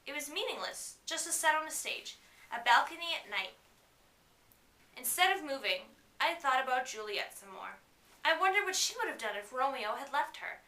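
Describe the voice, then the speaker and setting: A woman's voice: high-pitched, very animated, moderate pace, pushed and bright, far from the mic. A woman reading a novel aloud in a casual way, breaking off for giggly, chatty asides, recorded in an echoey room away from the mic. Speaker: reader. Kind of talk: casual read-aloud with commentary.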